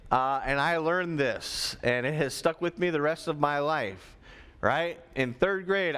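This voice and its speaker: A man with a slightly high voice preaches to schoolchildren in a school chapel, speaking as both pastor and teacher. His tone is lively and teacherly. He drums in his points by repeating them. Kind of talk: sermon to schoolchildren.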